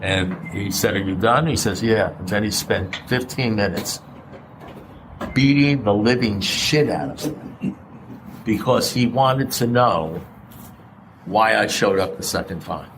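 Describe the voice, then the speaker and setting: A man with a fairly low voice gives a blunt, conversational share at a recovery meeting. He keeps firing rhetorical questions at the room and swears now and then. A faint hiss of noise sits under the recording. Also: measured pace, long pauses.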